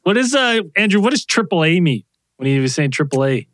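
A man hosting a podcast in a relaxed, casual way, with hesitant fillers as he reads from the chat. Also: fairly high pitch, fairly quick, dry recording. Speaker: podcast host.

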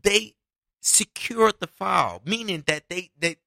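Lively high-voiced man hosting a podcast. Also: unhurried, creaky, dry recording. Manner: animated, laughing, stammering restarts. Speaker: podcast host. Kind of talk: casual podcast banter.

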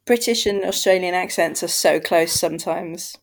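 Relaxed woman podcast co-host. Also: fairly low pitch, moderate pace, vocal fry. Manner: laughs often, relaxed. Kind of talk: casual chat.

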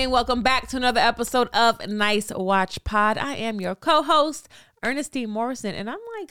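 A woman's voice: on the low side, a bit bright, clear, resonant tone, no echo, clean studio sound. A woman in her thirties from Los Angeles hosting a podcast solo, telling stories in a chatty, filler-filled way. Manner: chatty, storytelling, many fillers. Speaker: podcast host.

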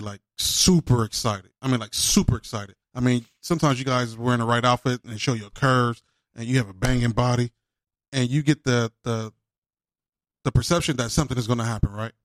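A man's voice: mid-range voice, dry recording. A man in a casual chat who talks in a laid-back, rambling way, often tacking on "man".

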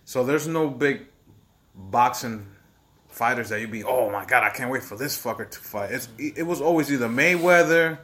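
A man's voice: medium pitch, moderate pace, a bit bright. A young man co-hosting a podcast in casual chat, rambling and repeating words, livening up when he recalls past fights. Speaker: podcast co-host.

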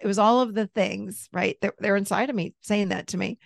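A middle-aged woman, a therapist and coach, telling a personal story as a podcast guest in a candid, animated way, laughing easily and swearing freely. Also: medium pitch, a little fast, gravelly, no echo, studio quality. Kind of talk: casual storytelling in an interview.

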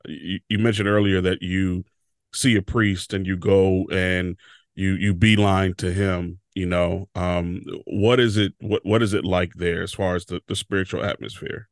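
Podcast host guy, really deep voice, dry close sound, fumbles his questions with lots of ums. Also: flat delivery, dry recording. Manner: halting questions, many fillers and restarts. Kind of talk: casual interview.

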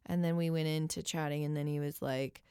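A woman's voice: sits low, fairly even intonation, warm tone, clean tone, no room sound, studio quality. Playful woman trading crude banter. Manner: quick agreeing interjections, playful and crude. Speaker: podcast co-host. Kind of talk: casual chat.

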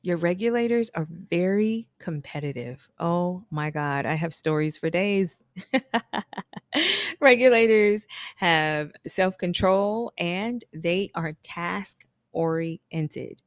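A woman's voice: lowish voice, lively intonation, slow, no room sound, studio quality. A woman coaching hairstylists in a casual solo talk, chatty, laughing often and acting out her clients' lines.

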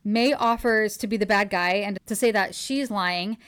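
A woman's voice: mid-range voice, normal speed, a bit bright. A chatty woman host recaps a story for her co-host in easy conversation. She gushes over the scenes and laughs often as she talks. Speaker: podcast host recapping a book. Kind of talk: casual chat.

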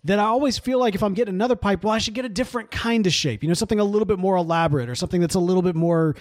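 A man co-hosting a podcast, talking in a relaxed way with lots of fillers and frequent laughter. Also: high-pitched, racing, no room sound, studio quality. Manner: easygoing, laughs often, many fillers. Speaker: podcast co-host. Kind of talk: casual chat.

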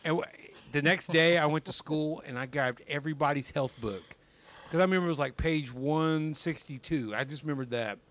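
Animated, laughing young man telling stories. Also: on the high side, fairly quick. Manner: animated, laughs often while talking. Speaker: podcast guest, comedian. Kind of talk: casual storytelling chat.

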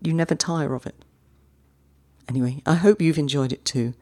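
A podcast host reading short poems slowly and deliberately, each one twice with long pauses, then closing the show in a chattier way. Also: medium pitch, darkish tone, no echo. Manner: chatty, quicker sign-off. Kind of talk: slow, measured poetry reading.

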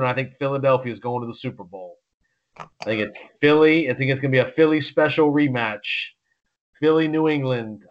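A man co-hosting a sports podcast, chatting casually about picks in an excitable, rambling way with lots of restarts. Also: mid-range voice, lo-fi sound. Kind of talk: casual sports betting chat.

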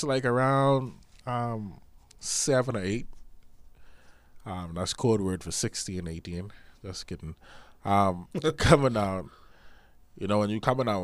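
A man's voice: lowish voice, moderate pace, no room sound. A man co-hosting a casual podcast, joking and laughing often as he tells stories and fires off questions. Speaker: podcast co-host. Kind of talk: casual chat.

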